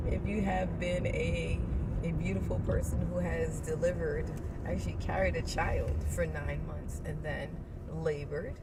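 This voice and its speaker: A woman's voice: on the low side, a little slow. A woman birth coach giving an encouraging, playful motivational talk and acting out little inner voices. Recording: distant mic with loud road noise.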